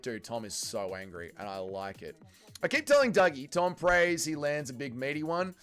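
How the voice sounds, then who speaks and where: A young man hosting a casual watch-along livestream, reacting to chat in an animated, swearing way. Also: a little high, clean tone. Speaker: livestream host.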